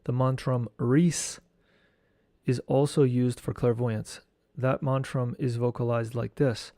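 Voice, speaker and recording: A man teaching esoteric studies, reading a lecture text aloud in a slow, measured way and chanting mantra syllables. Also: mid-range voice, level tone, mellow, no echo, studio quality.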